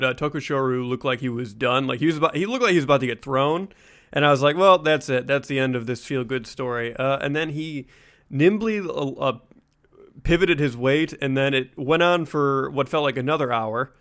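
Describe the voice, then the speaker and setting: An easygoing man co-hosting a podcast, with a voice of ordinary, middle pitch. He tells what happened loosely, with plenty of uhs and likes. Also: brisk, a bit bright. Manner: easygoing, filler-heavy recounting. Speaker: podcast co-host. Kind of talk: casual podcast chat.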